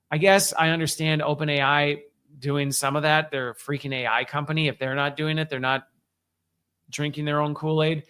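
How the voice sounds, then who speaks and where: A man's voice: fairly high pitch, sharp tone, smooth. A man hosting a weekly update show, talking casually and emphatically with frequent restarts. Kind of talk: casual solo commentary.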